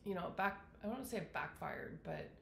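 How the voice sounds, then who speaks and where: A woman's voice: mid-range voice, sing-song, fairly quick, vocal fry, slight background noise. A woman telling her own illness story in a candid personal monologue, rambling, with many fillers and self-corrections. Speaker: wellness vlogger sharing her illness story. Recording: roomy echo.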